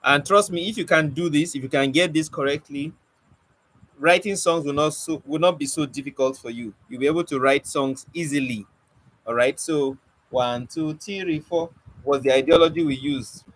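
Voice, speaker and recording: The rough recording has faint background noise behind a man whose voice is fairly high and fairly bright, moving at normal speed. He's a poetry teacher giving an informal lesson, restarting often as he searches for words.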